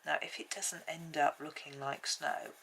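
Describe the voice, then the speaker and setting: A woman's voice: deep voice, flat delivery, moderate pace, creaky, fairly bright tone, a little hiss or hum. A woman hosting a colouring channel at home, chatting and thinking aloud as she works through a casual tutorial.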